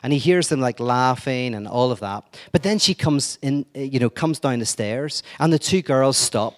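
A man's voice: medium pitch, normal speed. A man giving an informal lecture in a conversational way, joking and acting out quoted speech.

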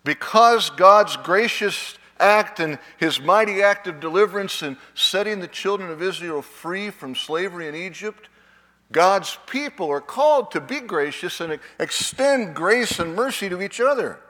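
Emphatic older pastor preaching in a reverberant church. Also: male voice, sits high, expressive, measured pace, sharp tone. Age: 60s. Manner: emphatic, repeats words and restarts, quizzes the congregation. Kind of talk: sermon. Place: church sanctuary.

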